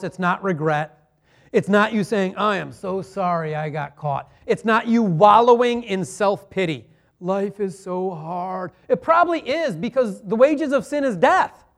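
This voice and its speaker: A man preaching from the pulpit in a noticeably high voice. He talks earnestly and conversationally, leaning on rhetorical questions as he makes his points. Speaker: pastor. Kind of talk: sermon.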